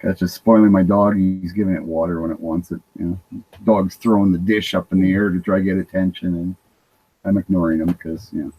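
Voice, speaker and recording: A man's voice: sits low, fairly even intonation, a little fast, breathy edge, dull audio. A Canadian man chatting casually over voice chat, joking and laughing often. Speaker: chat participant.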